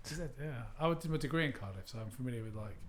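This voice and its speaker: A man's voice: medium pitch, lively intonation, racing, slight background noise. A man from Cornwall hosting a live community radio show from a skate shop, chatting casually in a jokey, self-deprecating way.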